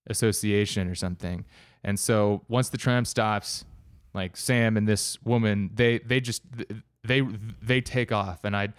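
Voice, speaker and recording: A man's voice: fairly low pitch, clean tone, no echo, studio quality. A man telling a travel story in casual chat, rambling with many fillers and restarts.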